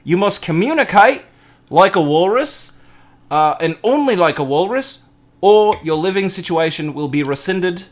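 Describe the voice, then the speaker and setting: A man doing a hammy mock Australian voice, playing a bloke who makes a strange offer to share his flat. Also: sits high, normal speed, hardly any pauses, smooth, voice pushed up. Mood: mock-earnest. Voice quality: hammy, exaggerated twang. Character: grown man putting on a mocking Australian accent, offering a strange room-share.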